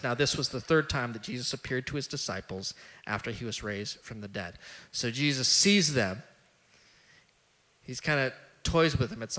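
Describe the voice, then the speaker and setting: A male pastor delivers a conversational sermon in a bright, forceful voice. He retells the story casually, with fillers and asides, then acts out the disciples' words as his intensity climbs. His voice rings through a large hall with a long reverb tail. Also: medium pitch.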